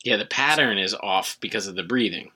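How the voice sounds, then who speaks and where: A middle-aged man with a very bright, slightly husky voice, chatting casually on a podcast. He drops dry, wry one-liners in his easy banter. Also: on the low side, fairly quick. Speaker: podcast co-host. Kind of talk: casual comedic chat.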